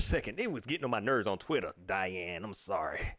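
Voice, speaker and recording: A man hosting a casual sports talk livestream, ranting at viewers in an animated way and laughing often. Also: lowish voice, fast talker, hardly any pauses. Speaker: sports talk show host.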